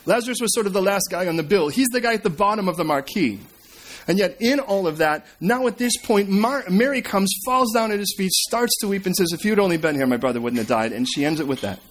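A man preaching a sermon, retelling scripture as a story and swinging between emphatic and hushed delivery. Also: high voice, lively intonation, brisk. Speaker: pastor.

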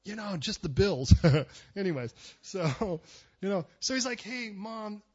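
A man's voice: sits high, big pitch swings, a little slow, husky, dull audio. A middle-aged man preaching a sermon, telling stories and rising to emphatic peaks. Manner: storytelling, rising to emphatic near-shouting peaks. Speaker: pastor.

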